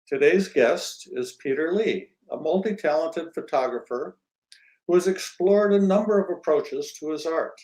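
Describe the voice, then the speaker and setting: A man hosting an interview show, who speaks in a friendly, unhurried way with hesitant fillers. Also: fairly high pitch, expressive, a little mellow, rough recording. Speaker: host.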